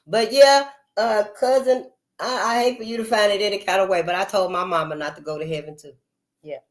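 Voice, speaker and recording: A woman's voice: mid-range voice, fairly even intonation, a little fast. A woman hosting her channel, talking straight to her viewers in a casual, emphatic, folksy way and calling them honey and y'all. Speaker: channel host. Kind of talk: casual spoken monologue to viewers.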